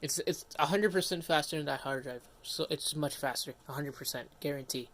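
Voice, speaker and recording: A man's voice: fairly high pitch, fairly quick, fairly bright tone. A man streaming live and chatting casually as he works, rambling, breaking off mid-sentence and grumbling to himself. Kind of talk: casual livestream commentary.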